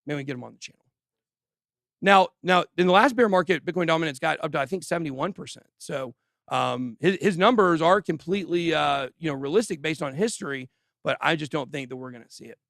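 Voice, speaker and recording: Gravelly-voiced man hosting a crypto stream. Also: a little high, brisk, no room sound, studio quality. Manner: animated, joking, talks straight to viewers. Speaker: crypto channel host. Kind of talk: casual livestream commentary. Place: studio.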